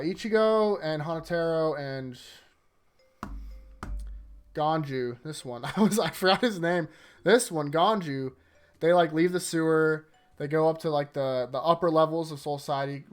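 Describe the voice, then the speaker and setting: Rambling man recapping anime, slightly high. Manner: rambling, filler-heavy, animated retelling. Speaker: anime rewatch host. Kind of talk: casual episode recap.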